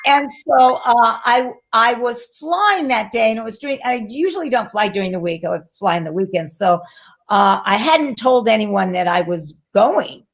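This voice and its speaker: A middle-aged woman telling a story as an interview guest in casual chat, lively and acting out what others said. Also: mid-range voice. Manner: animated, acts out quoted voices. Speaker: guest, actress and flight attendant.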